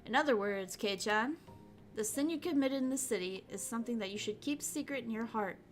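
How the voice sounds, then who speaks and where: A woman's voice: fairly quick, faint music behind, lightly acted. A woman voicing a spirited, loyal teenage girl while reading a visual novel aloud. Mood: earnest. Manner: earnest, reassuring, high-spirited.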